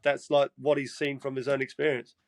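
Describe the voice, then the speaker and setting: A young man from England with a Geordie accent, a podcast guest telling stories in casual chat, animated and swearing freely as he acts out quotes. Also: medium pitch, brisk.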